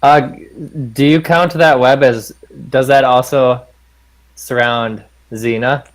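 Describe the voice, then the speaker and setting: A man taking his turn in a tabletop game, speaking in a middle-pitched voice. He hesitates and reads rules out loud, correcting himself along the way. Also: fairly even intonation, slow, poor audio. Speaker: player. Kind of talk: casual tabletop play.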